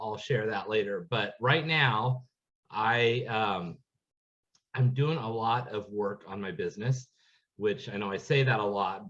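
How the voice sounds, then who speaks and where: A man's voice: mid-range voice, lo-fi sound. A man co-hosting a comedy podcast, chatting in an easygoing, rambling way. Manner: easygoing, rambling, laughs a lot. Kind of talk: casual chat.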